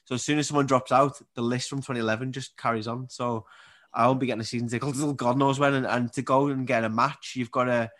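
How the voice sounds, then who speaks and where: A young Scouse man speaks fast as a podcast guest, full of animated anecdotes. His pitch sits in a middling range. He laughs as he goes. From Liverpool area, England. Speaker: guest, Paralympic table tennis player. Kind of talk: casual storytelling.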